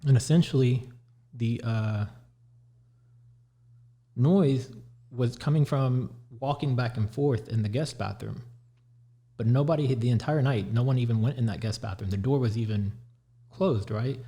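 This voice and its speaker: Animated storytelling man, mellow voice. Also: mid-range voice, a little slow, long pauses. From Houston area, USA. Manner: animated, retells quotes. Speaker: guest, paranormal investigator. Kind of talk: casual storytelling.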